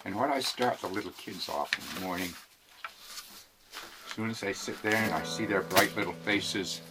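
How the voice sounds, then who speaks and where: A man who teaches young children, talking gently and singing folk songs to his guitar in a home recording. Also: fairly low pitch, normal speed, background noise. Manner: gentle, soft-spoken, sings folk songs. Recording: loud guitar over the voice.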